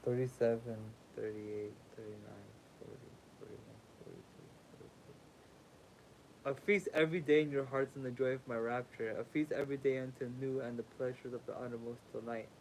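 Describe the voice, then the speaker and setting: A man's voice: medium pitch, level tone, fairly quick, vocal fry, few pauses, slight background noise, rough recording. A sleepy man reading a sacred text aloud as a livestream host, stumbling over words, rereading them and making casual asides.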